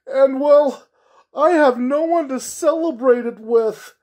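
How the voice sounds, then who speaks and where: A performer voicing a sad, lonely male clown in a loud, whiny, drawn-out voice. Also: high-pitched, voice pushed up. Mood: mournful.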